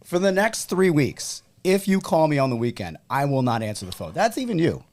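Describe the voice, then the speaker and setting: A man's voice: a little high, fairly quick. A young man with a New England accent, hosting a casual chat and telling stories with laughter and quoted voices. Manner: animated storyteller, laughing and dropping into quoted voices. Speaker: podcast host.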